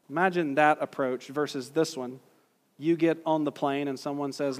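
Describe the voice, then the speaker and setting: A man's voice: on the high side, fairly even intonation, moderate pace. A man preaching a teaching sermon in an earnest way, acting out quoted voices in his illustration. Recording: long hall reverb.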